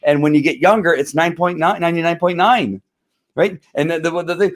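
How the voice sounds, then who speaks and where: A man's voice: on the high side, a little fast. A man hosting his own live video stream, talking in a heated, frustrated, rambling way with many fillers. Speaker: livestream host. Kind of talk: casual livestream rant.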